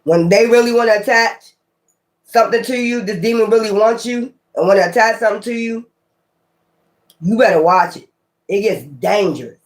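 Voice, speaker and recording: A man giving a casual tarot reading to his viewers, blunt and profane, talking in an animated way. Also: high-pitched, normal speed. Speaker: tarot reader.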